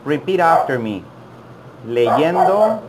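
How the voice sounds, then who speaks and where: A man teaching a language lesson, repeating words slowly and patiently for learners to copy. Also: fairly high pitch, big pitch swings, very noisy. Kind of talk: slow, deliberate language lesson.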